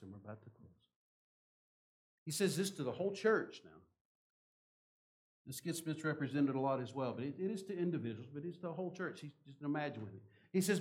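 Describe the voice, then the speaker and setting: An older man preaching a sermon, a pastor whose delivery swings from loud emphasis to quiet, intense passages. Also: mid-range voice.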